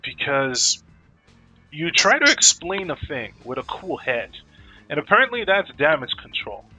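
A man's voice: a little high, very animated, measured pace, sharp tone, slightly rough, soft background music. A man vlogging about games in a casual, profane, joking rant. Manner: profane, laid-back, joking. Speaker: gaming vlogger.

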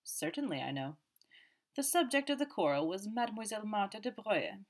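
Brief: composed unruffled detective, quietly certain, read by a woman. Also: sits high, normal speed, pitched above the performer's own voice. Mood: calm. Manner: imperturbable and calm. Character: calm, unflappable male detective.

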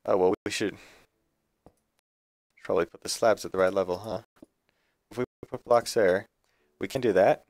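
A man's voice: fairly low pitch, fairly even intonation, normal speed, pauses often, darkish tone, no room sound, studio quality. A man streaming a building game live, thinking aloud in a chatty, self-correcting way. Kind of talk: live gameplay commentary.

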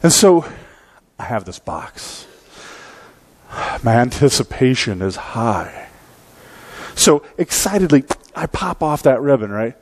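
Lively storytelling preacher man. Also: medium pitch, takes it slowly, pauses often. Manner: conversational storytelling, keeps asking the congregation "right?"; self-deprecating, humorous. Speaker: pastor. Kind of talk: sermon. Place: church sanctuary.

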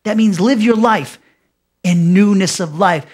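A man's voice: high voice, measured pace, darkish tone, husky. A man teaching a Bible lesson as pastor, emphatic, often restarting and repeating phrases.

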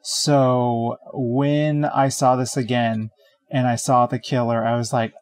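A man's voice: mid-range voice, level tone, takes it slowly, darkish tone, clear, resonant tone. Male podcast co-host, casual banter, rambling with frequent fillers. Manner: rambling, hesitant, full of ums and likes. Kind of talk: casual film-review chat.

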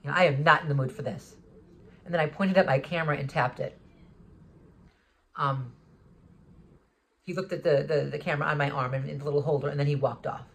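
Vlogger monologue, agitated, rambling, swears a lot, restarts sentences, mid pitch. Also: steady tone, fairly quick, pauses often. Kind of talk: monologue recounting an encounter.

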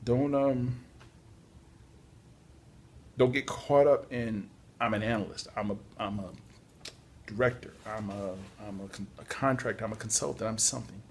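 A man's voice: on the low side, normal speed, pauses often, slightly rough. A tired man giving casual, chatty job-search advice, yawning at times and adding apologetic asides. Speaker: podcast host on job search. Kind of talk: casual spoken advice talk.

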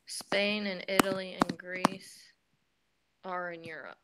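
A woman student in an online class, translating slowly and hesitantly. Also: on the low side, steady tone. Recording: loud noisy call audio.

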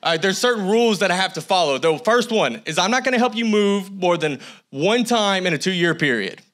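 A man's voice: high-pitched, animated, brisk, a bit bright. A man preaching a sermon as a church pastor, conversational with humorous asides. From United States. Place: church sanctuary.

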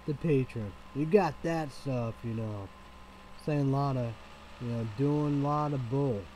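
A man's voice: mid-range voice, unhurried, mellow, slight background noise, poor audio. A man talking in a loose, rambling vlog, circling back on himself and swearing freely. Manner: rambling, repetitive, with frequent swearing. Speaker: vlogger.

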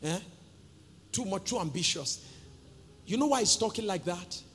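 A man with a Nigerian accent preaching a sermon as pastor, calling out to the congregation and breaking into sung and shouted phrases. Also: high-pitched, expressive, normal speed, a little hiss or hum. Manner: call-and-response preaching, sings and shouts phrases. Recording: reverberant church hall with music.

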